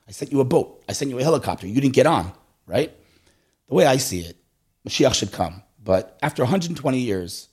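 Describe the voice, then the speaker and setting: A middle-aged man telling stories in a casual conversation, animated and acting out voices, often checking in with "right?". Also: medium pitch, slightly rough.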